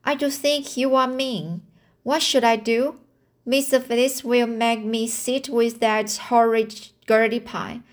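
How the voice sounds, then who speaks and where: A woman's voice: fairly high pitch, steady tone, slow pace. A woman reading aloud the lines of a young girl pleading with her best friend, stumbling and restarting often.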